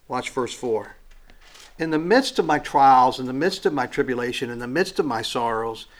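A man preaching a sermon in a reflective way, with frequent pauses and fillers, moving from hushed lines to emphatic rising phrases. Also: mid-range voice, animated.

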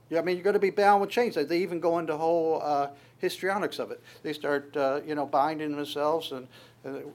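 Talking a little fast, this preacher's voice is slightly high for a man, and his conversational sermon comes out unpolished. He frequently stammers and restarts sentences while quoting scripture, and he briefly acts out voices as he retells stories.

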